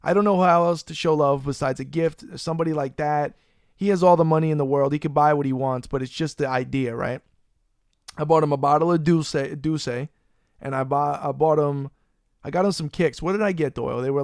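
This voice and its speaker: Animated, foul-mouthed podcast host, higher-pitched man. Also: brisk, no echo, clean studio sound. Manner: animated, profane, loose storyteller. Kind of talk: casual storytelling chat. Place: Florida.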